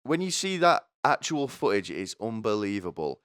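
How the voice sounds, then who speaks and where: Sarcastic man, low smooth voice. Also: sing-song, normal speed, fairly bright tone, dry recording, studio quality. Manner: sarcastic, swearing, rambling with restarts. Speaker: commentator. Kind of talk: casual comedic commentary.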